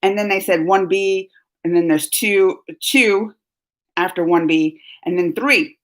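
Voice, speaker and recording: A woman's voice: mid-range voice, measured pace. A middle-aged woman hosting a casual live stream, chatting with viewers and telling stories with frequent laughs. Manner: chatty, animated storytelling with laughs. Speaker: live-stream host reading chat.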